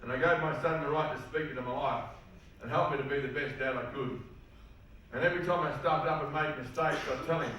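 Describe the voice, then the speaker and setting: An Australian man gives a seminar talk in a large hall, recorded from a distance so his voice carries a heavy echo. His tone is bright and forceful, and he tells personal stories in an earnest, plain-spoken way. A faint hum of room noise sits behind him. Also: fairly high pitch, quick pace. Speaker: seminar speaker. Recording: echoey hall, mic far off.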